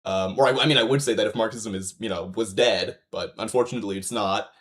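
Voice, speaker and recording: A man's voice: on the low side, quick pace, a bit bright. A man doing casual livestream commentary, reacting to a video, rambling and swearing with frequent fillers and restarts.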